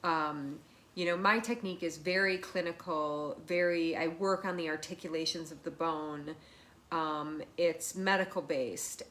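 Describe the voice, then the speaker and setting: A woman, a massage therapist, telling a personal story as a podcast guest in a chatty, animated way, with many fillers and restarts. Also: sits low.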